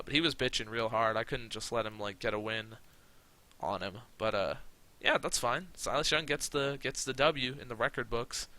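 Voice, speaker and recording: Bright-voiced man rambling through game commentary. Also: mid-range voice. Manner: rambling, swears, laughs often. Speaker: gaming channel host. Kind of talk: casual let's-play commentary.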